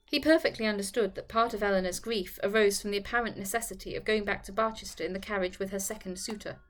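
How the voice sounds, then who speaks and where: A woman reading a classic novel aloud as narrator in a measured, formal manner. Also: medium pitch. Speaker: audiobook reader.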